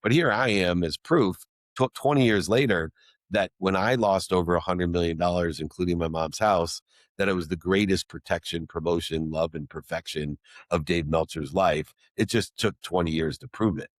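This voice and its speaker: A middle-aged man with a very low voice tells his story with emphasis, building rhythmic lists of words that start with the same sound. The recording is close and dry. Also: moderate pace, no echo. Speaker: guest. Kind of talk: personal storytelling in an interview.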